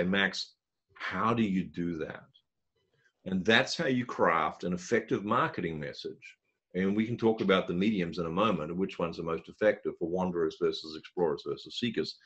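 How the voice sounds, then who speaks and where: Man, low husky voice, webinar presenter, animated storyteller, frequent throat clearing. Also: moderate pace. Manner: animated storytelling, acting out dialogue. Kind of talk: marketing webinar talk.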